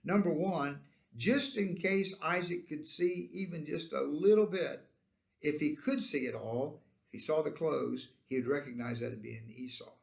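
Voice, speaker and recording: A man's voice: on the high side, normal speed, gravelly. A man teaching a Sunday school Bible lesson, explaining the verses and reading them out with emphasis.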